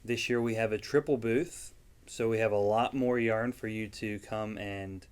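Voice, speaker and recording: A man's voice: lowish voice, steady tone, normal speed, clean tone. A man, a guest vendor in a casual interview, speaking in an easygoing, plain-spoken way with frequent ums. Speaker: yarn dyer and guest vendor.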